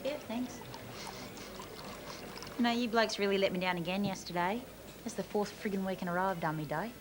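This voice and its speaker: An actress playing a sharp-tongued barmaid with an Australian accent, blunt and needling. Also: female voice, mid-range voice, normal speed, noisy background, natural voice. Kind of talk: film drama acting.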